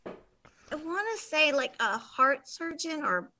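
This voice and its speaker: A woman playing in an online trivia game, who talks hesitantly, apologizes and fills her pauses with ums. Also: high voice, big pitch swings, sharp tone, slight background noise. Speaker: trivia contestant. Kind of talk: casual game chat.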